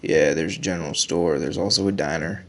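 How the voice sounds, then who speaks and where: A man's voice: low voice, brisk, creaky, a little hiss or hum, voice pushed down. A man voicing a curt, aloof young woman showing a guest around her house in a story game. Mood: dry. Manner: curt, flat.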